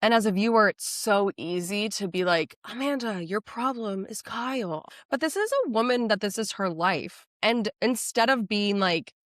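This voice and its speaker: A woman's voice: mid-range voice, moderate pace, few pauses, no room sound. Chatty young woman, close dry sound. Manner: gushing, animated, chatty with lots of likes. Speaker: podcast host. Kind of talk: casual solo podcast chat about astrology.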